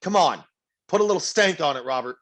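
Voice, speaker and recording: A man's voice: a little high, expressive, a bit bright. A man co-hosting a comedy podcast, teasing his friends and laughing as he chats casually. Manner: teasing, swearing, quick to laugh. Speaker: podcast co-host. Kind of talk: casual chat.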